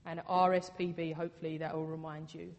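A woman's voice: low-pitched, little pitch movement, fast talker. Earnest woman preaching in a hall. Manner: earnest, conversational, with emphatic repetition. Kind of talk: sermon. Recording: long reverb of a hall.

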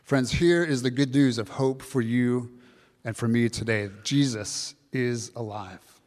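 A man's voice: medium pitch, measured pace, darkish tone, long reverb tail. A man preaching an earnest Easter sermon to his congregation, often repeating key phrases. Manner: earnest, repetitive preaching, addresses kids and congregation. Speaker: pastor.

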